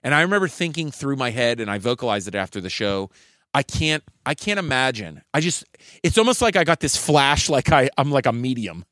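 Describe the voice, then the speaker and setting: A man's voice: medium pitch, sing-song, brisk, dry recording, clean studio sound. A man, a comedian and podcast co-host, telling a story in casual chat, acting out the people in it and swearing freely. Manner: acts out quotes of hecklers and himself, swinging up loud for them.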